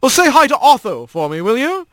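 A man's voice: extremely high pitch, very animated, a little fast, a bit bright, no echo, pitched above the performer's own voice, full character voice. A man voicing a young male hawk, a pompous and sneering gatekeeper type. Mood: snide.

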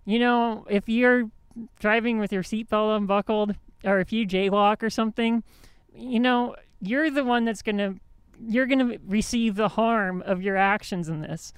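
A woman's voice: medium pitch, normal speed, clean tone, dry recording. A woman hosting a show, telling a story in a casual monologue with indignant emphasis and many restarts. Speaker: host.

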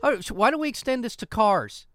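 A man's voice: sits high, animated, brisk, fairly bright tone, slight background noise. A middle-aged man co-hosting a casual news talk show, reacting emphatically and with indignation.

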